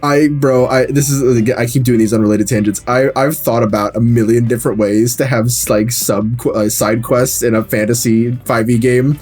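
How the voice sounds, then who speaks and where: A young man in casual tabletop podcast chat, excitable and swearing, rushing through tangents and laughing often. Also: mid-range voice, breathy edge. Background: faint background music.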